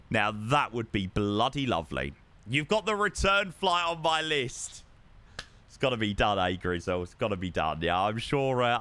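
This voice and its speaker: With a mid-range, sharp-toned voice, the young man casually talks through his flight sim live stream at home. He greets his viewers and reads and answers their chat.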